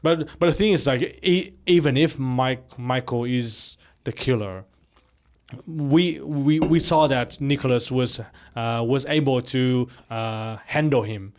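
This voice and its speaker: A man's voice: mid-range voice, takes it slowly, a little mellow. A man co-hosting a podcast, talking casually about a film and stumbling over his words as he recaps the plot. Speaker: podcast co-host.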